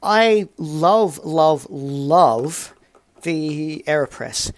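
A man's voice: fairly high pitch, expressive, very slow. A man hosting a casual solo podcast, talking in a chatty, self-deprecating way full of rambling asides. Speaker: podcast host.

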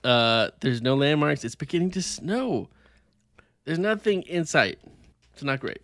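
A man's voice: fairly high pitch, very animated, a little slow, fairly bright tone, no room sound, clean studio sound. A man co-hosting a podcast over video call, playfully reading a gamebook aloud and laughing often. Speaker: podcast co-host.

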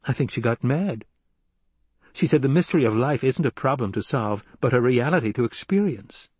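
A man's voice: mid-range voice, animated, normal speed, darkish tone, husky, dry recording. A man voicing an earnest, troubled young male heir who speaks urgently when upset.

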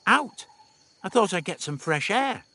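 A man's voice: high voice, sing-song, a little slow, fairly bright tone, pitched above the performer's own voice, heavily acted. A man voicing a defiant, know-it-all teenage girl in an audiobook. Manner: cocky, scornful, know-it-all. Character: defiant cheeky teenage girl time traveller. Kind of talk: audiobook dialogue.

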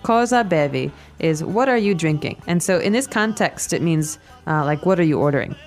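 A woman hosting a language lesson podcast, explaining phrases slowly and repeating them. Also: low voice, expressive, a little mellow, faint music behind.

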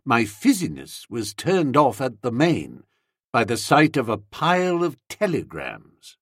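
Male audiobook narrator, husky and very animated, dry close-miked sound, expressive comic storytelling. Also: medium pitch, unhurried, no echo. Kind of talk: first-person comic novel reading.

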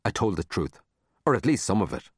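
A man reads a children's storybook aloud with a deep, low voice. His delivery is expressive and animated, swinging widely in pitch, and the recording is dry and close with no room sound. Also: fairly quick, slightly rough, dry recording. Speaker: audiobook narrator. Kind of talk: storybook narration.

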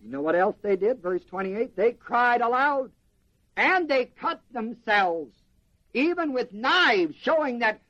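A man preaching a sermon in an animated way, quizzing the congregation with questions. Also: very high voice, a little slow. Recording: dull lo-fi sermon recording.

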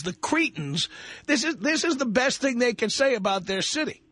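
A man hosting call-in talk radio from the studio, with a high, bright, forceful voice. He talks bluntly and emphatically, with a mocking edge. The sound is close and dry. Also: sing-song, normal speed, breathy edge, dry recording. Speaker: radio talk show host.

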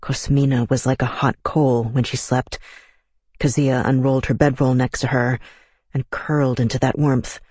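A man narrating an audiobook in a measured, even manner. His voice is husky and mid-pitched, recorded dry and close on a studio mic. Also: no echo.

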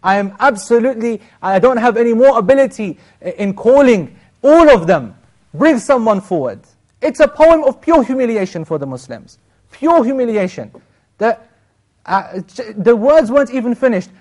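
High-voiced man telling a story. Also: normal speed. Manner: animated, with many restarts and Arabic phrases. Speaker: Islamic teacher. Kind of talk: storytelling lesson.

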